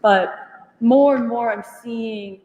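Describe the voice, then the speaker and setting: A young woman retelling a conversation to a study group, animated and full of fillers, laughing as she goes. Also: on the high side, slow pace, phone-quality sound. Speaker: union member sharing at a study group. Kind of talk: casual storytelling in a group discussion. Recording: echoey hall, voice from far off.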